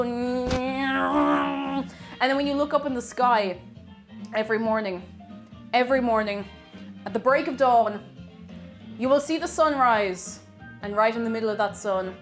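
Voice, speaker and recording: A young woman from Ireland chatting casually on a live stream, reading chat aloud and giggling often as she bakes. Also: high voice.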